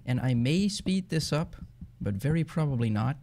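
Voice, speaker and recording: A man's voice: fairly high pitch, normal speed, slight background noise. Dutch-accented man rambling over gameplay. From Netherlands. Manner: rambling, chatty, easily excited. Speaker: gaming channel host. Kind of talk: casual let's-play commentary.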